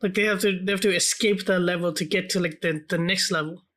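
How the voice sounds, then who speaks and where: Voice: mid-range voice, steady tone, fast, a bit bright. A podcast co-host in casual chat, laid-back and hesitant, with many fillers.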